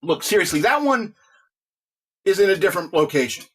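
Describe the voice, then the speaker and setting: A man's voice: high voice, big pitch swings, a little fast, fairly bright tone, breathy edge. A middle-aged man hosting a talk radio show, rambling casually, joking, laughing often and restarting his words.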